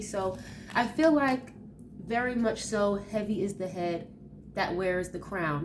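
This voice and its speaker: A woman's voice: medium pitch, slight background noise. Chatty woman with a nasal voice. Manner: chatty, loose, full of fillers and asides. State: nasal from allergies. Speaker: tarot reader. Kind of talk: casual tarot reading.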